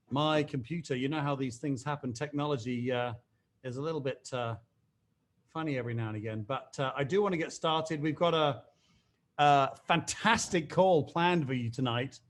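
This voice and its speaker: A man's voice: a little high, normal speed. A middle-aged man hosting a team video call, upbeat and chatty, with self-mocking jokes and frequent fillers. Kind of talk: energetic video call pep talk.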